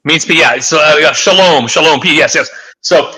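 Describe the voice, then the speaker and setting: A man's voice: fairly high pitch, moderate pace, bright, forceful tone, rough recording. A man on a talk show giving a heated, profane, rambling rant, full of emphatic restarts. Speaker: guest.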